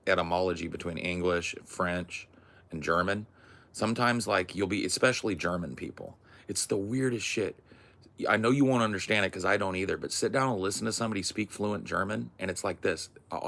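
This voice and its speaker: Deep gravelly American guy riffing. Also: fairly bright tone. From United States. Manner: riffing, profane, jokey. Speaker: podcast host. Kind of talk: casual comedic podcast chat.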